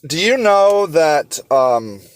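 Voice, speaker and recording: A man hosting a solo podcast, talking with passion and sarcastic rhetorical questions, halting often with fillers and restarts. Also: a little high, very animated, clear, resonant tone, dry recording. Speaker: podcast host.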